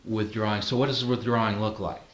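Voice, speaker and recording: A man's voice: fairly low pitch, fairly even intonation, fairly quick, reverberant, heavy background noise. A man leading a training class, talking conversationally and asking the group questions. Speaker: NLP trainer. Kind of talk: classroom teaching.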